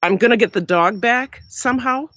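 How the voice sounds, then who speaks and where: On a casual livestream, a woman walks around outside a house in summer, greeting viewers by name while she recovers from a sore throat. Her fairly high, somewhat bright voice moves at normal speed, and the recording is dry and low-quality.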